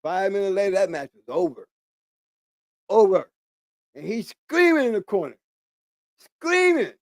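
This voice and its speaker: A man with a notably high speaking voice, talking in a loose, rambling monologue as a channel host. He stresses his points by repeating words and restarting sentences. The sound is dry and close, with no room echo. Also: sing-song, fast talker, a little mellow. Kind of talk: casual monologue.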